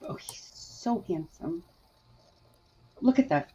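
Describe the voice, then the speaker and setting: Woman, co-host, casual chat, lively pitch, gushing, teasing, muffled stream audio. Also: takes it slowly, a little hiss or hum.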